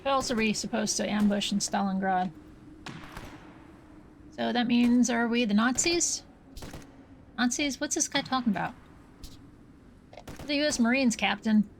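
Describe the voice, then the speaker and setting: A woman's voice: a little high, moderate pace, gravelly, long pauses, slight background noise. A woman streamer reading game dialogue aloud during a live playthrough, with playful asides.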